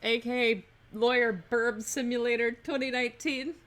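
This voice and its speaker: A woman's voice: fairly high pitch, fairly even intonation, normal speed, a bit bright. A woman hosting a live game stream, chatting casually, joking and correcting herself as she rambles.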